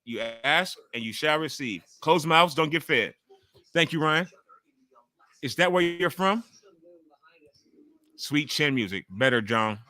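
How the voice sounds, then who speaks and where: Host type: man in his forties, loud and chatty, bright, forceful tone, swears freely while reacting to wrestling live. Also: fairly high pitch, expressive, a little slow, pauses often. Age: 40s. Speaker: livestream host. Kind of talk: casual live wrestling watch-along commentary.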